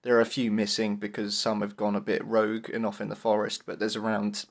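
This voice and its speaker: A man's voice: on the low side, monotone, fairly quick, creaky. Man, podcast co-host, casual chat, retells plot, laughs often.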